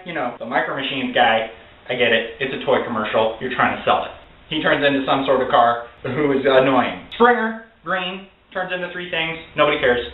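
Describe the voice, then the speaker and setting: A man ranting through a casual film review, sarcastic, profane and excitable. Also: on the high side. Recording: tinny, echoey, far from the mic.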